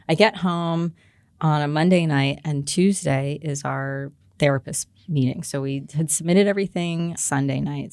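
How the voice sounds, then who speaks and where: Woman, forties, low pitch, dry recording, candid storytelling, lively quoted dialogue. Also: vocal fry, no room sound. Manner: animated, acts out quoted dialogue with laughs. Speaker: podcast guest.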